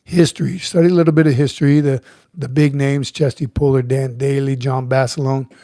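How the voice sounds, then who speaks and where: In clean studio sound without echo, a retired Marine sergeant major hosts a relaxed livestream, talking a little fast in a level, mellow, mid-range voice. The middle-aged man reads comments, chuckles, and welcomes viewers by name.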